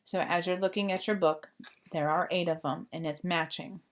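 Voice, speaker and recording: This Spanish teacher's low, steady voice moves at a moderate clip as she patiently explains grammar to her students, filling her speech with verbal fillers. It's a recorded lesson from a remote class.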